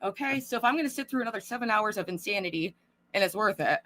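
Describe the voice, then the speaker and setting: A woman's voice: mid-range voice, animated, fast, a bit bright. A woman streamer ranting to her viewers in a blunt, sarcastic, profane way.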